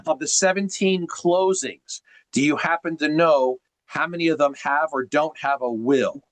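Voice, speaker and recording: A man coaching on a video call in an emphatic, teacherly way, his voice sitting a little high. The sound is dry and close, with no room behind it. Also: a little slow, dry recording. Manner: emphatic, teacherly, uses rhetorical questions.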